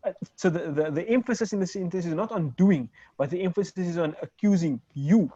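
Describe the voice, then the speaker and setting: A male Arabic teacher leads an online class, patient and methodical, checking in with his students. His voice sits a little high for a man. The sound is dry and dull, like lo-fi call audio. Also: brisk, mellow, no room sound. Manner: patient, explains step by step, checks understanding.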